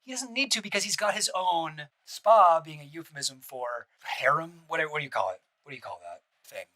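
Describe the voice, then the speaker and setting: A man gives casual reaction commentary on a stream at a rapid clip. His voice is high and bright with an edge. He rambles, restarts sentences and swears bluntly. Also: lively intonation, poor audio.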